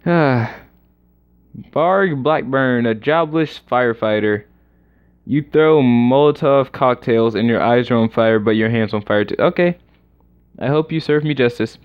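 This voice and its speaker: Gamer, man, let's-play commentary, melodramatic exasperation, mid-pitched, dull lo-fi mic. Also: a little slow, clear, resonant tone. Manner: exasperated, mock-dramatic groaning. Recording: lo-fi muffled recording.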